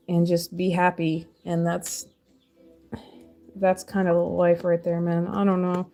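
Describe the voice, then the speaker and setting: A woman's voice: lowish voice, warm tone. A woman in her thirties chatting casually while crafting on a stream, rambling and laughing often.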